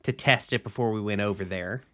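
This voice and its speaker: A man chatting as a player in a tabletop role-playing game, rambling with lots of fillers and quick laughs. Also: on the low side, sharp tone. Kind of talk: tabletop role-play banter.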